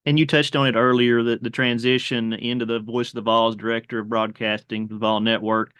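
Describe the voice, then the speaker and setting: A man's voice: mid-range voice, little pitch movement, brisk, fairly bright tone, smooth, no room sound. A man hosting a radio interview in a studio, who asks his questions with brief, encouraging interjections. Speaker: radio host.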